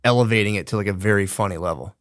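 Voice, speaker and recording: A man's voice: lowish voice, rapid-fire, no echo, studio quality. A man co-hosting a podcast in casual chat, laid-back and agreeable, cracking jokes. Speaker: podcast co-host.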